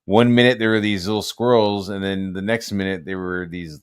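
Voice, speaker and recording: A man with a fairly low voice talks in a loose, laid-back way, peppering his stories with swearing and filler words. His voice sounds dry and close, with no room echo. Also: fairly even intonation, normal speed, clear, resonant tone. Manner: profane, laid-back, says "like" and "dude" a lot. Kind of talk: casual chat.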